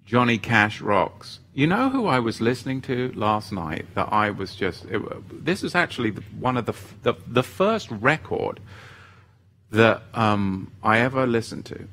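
Chatty man with a bright voice. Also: mid-range voice, very animated, unhurried. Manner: chatty, self-deprecating, breaks off mid-sentence. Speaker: livestream host of a faith show. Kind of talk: casual chat, reading viewer comments.

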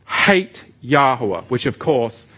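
A middle-aged man preaching a sermon, animated, moving between intense emphasis and joking asides. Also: mid-range voice, slow.

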